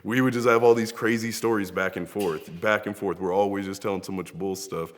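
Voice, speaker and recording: Paying tribute to a late friend, a grieving young professional wrestler rambles warmly through stories and laughs often while seated before a camera indoors. His voice is fairly low and fairly even, brisk in pace, and sounds like a large hall on the camera mic.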